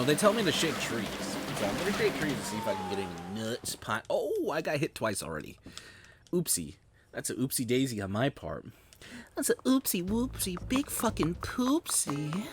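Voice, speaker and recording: A man's voice: mid-range voice, huge pitch swings, normal speed, very noisy. A young man streaming a game, rambling in casual commentary and swearing freely. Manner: rambling, swears freely, laughs at his own jokes. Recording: game music playing behind.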